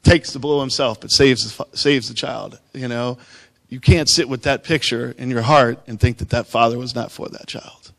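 A man shares a picture with a church group, his voice staying flat and even. He speaks hesitantly, stopping for "uh" and "you know" as he works out each thought. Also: mid-range voice, moderate pace, vocal fry. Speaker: church member sharing. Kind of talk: casual church sharing.

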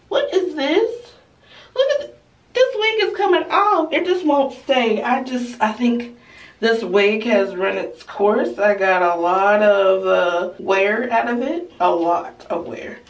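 Woman beauty vlogger, unhurried delivery, candid confiding chat. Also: medium pitch. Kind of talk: casual vlog chat.

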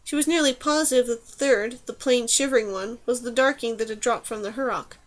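A woman narrating a fantasy novel aloud as an audiobook reader, with steady, even storytelling. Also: on the high side, a little fast. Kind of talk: scripted narration.

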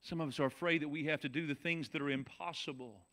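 A man with a Southern US accent, preaching a folksy sermon as pastor, dropping from loud shouts to soft, low talk. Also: steady tone, quick pace.

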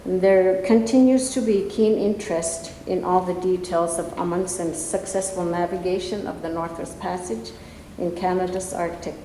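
A woman giving formal remarks at an event in a composed, measured way. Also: fairly low pitch, fairly even intonation, mellow. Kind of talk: formal speech. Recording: reverberant hall with faint noise.

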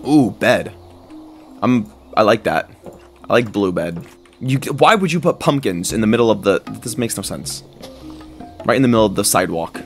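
A man giving excitable, jokey commentary while playing a survival game, squealing high whenever he is delighted. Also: moderate pace, long pauses, soft background music. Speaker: gaming video creator.

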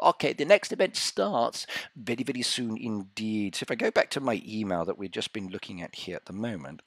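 A man's voice: on the low side, a bit bright, dry recording, studio quality. A man in his forties chatting playfully through a live game stream, joking and putting on voices. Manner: playful, jokey, acts out voices. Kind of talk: casual live-stream commentary.

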